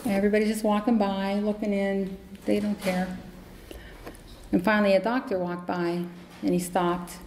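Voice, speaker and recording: A woman's voice: medium pitch, level tone, moderate pace, pauses often, a little mellow. A woman giving an earnest, conversational recovery talk as a speaker at a meeting, telling stories. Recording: echoey hall, faint noise.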